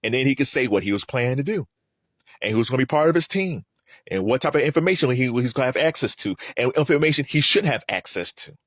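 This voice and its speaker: A man's voice: medium pitch, expressive, fast, fairly bright tone, no room sound. Guy ranting about politics, voice jumps all over, heated, dry close mic. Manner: heated, rhetorical, mocking quotes of opponents. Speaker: political commentator. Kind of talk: solo opinion commentary.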